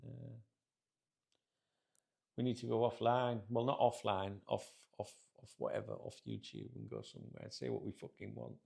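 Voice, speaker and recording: A man's voice: fairly low pitch, big pitch swings, normal speed, creaky, warm tone, slightly rough. A middle-aged man, hosting a football channel and grumbling to camera in a rambling, sweary, casual rant. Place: sat in a chair indoors.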